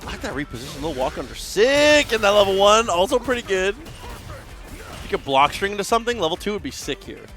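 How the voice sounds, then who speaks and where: A man's voice: sits high, big pitch swings, a little fast, a bit bright, soft background music. A man calling play-by-play at a fighting game tournament, laid-back and teasing his co-caster. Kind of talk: live esports commentary.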